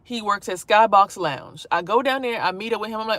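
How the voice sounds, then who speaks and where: A woman vlogger telling a personal story in a casual, animated way, swearing freely and acting out what people said. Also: mid-range voice, brisk, no room sound. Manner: animated, profane, acts out quotes.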